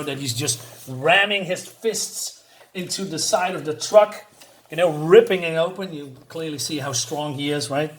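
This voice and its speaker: A man casually reviewing a comic book in a rambling way, with lots of filler words. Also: on the high side.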